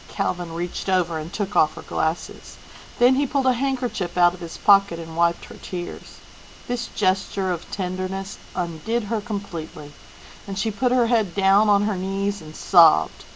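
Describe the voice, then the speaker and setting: A woman reading a novel aloud as narrator, expressive. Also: lowish voice, a little hiss or hum, poor audio. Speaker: audiobook reader.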